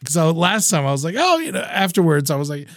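A man's voice: a little high, very animated, fast talker, fairly bright tone, dry recording, clean studio sound. A young man co-hosting a casual comedy podcast, telling rambling stories full of swearing and laughter. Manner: rambling storyteller, swears a lot, laughs often. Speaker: podcast co-host.

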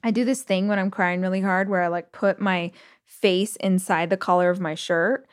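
A woman in her thirties or forties hosting a podcast, talking casually and candidly, telling stories with lively swings in her voice. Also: moderate pace, clean tone. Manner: chatty, candid, animated storytelling with big pitch swings. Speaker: podcast host. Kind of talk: casual solo podcast talk.

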